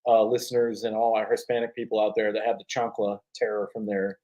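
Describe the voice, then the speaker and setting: Profane, animated male sports podcast co-host. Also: lowish voice, brisk, highs cut off. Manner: profane, animated storyteller with bursts of laughter. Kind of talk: casual sports chat.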